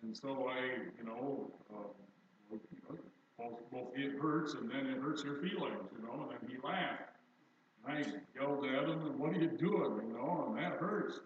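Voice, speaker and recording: A man's voice: medium pitch, a little slow, a little hiss or hum. An older male pastor preaching a sermon in a conversational, storytelling way, with self-deprecating humor. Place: church sanctuary. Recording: distant, echoey, dull church recording.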